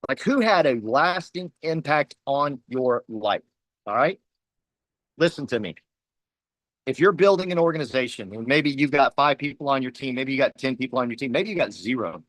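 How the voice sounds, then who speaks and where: Brief: male team leader, mid-pitched, emphatic motivational speech. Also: animated, normal speed, a bit bright, dry recording. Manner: fiery, preachy, emphatic repetition. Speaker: team leader speaking at a company huddle. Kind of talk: motivational pep talk.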